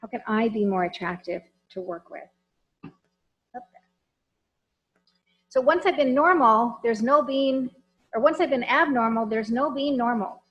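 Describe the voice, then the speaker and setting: A woman's voice: fairly high pitch, unhurried, pauses often, muffled recording, faint music behind. Frank woman trainer addressing an audience. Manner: lively, talks straight to the audience with questions. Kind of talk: conversational training lecture.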